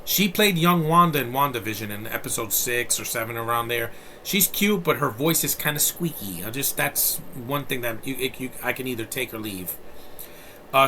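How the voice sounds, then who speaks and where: Blunt, bright-voiced man reviewing films. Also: mid-range voice, slight background noise. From New York City. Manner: blunt and profane, rambling with many fillers. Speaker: movie reviewer. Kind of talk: casual spoken film review.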